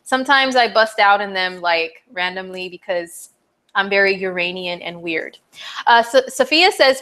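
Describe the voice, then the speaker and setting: A woman's voice: medium pitch, lively intonation, moderate pace, a bit bright. A woman astrologer hosting a live stream, chatting casually and bubbly, often laughing as she answers viewers. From not from New Jersey.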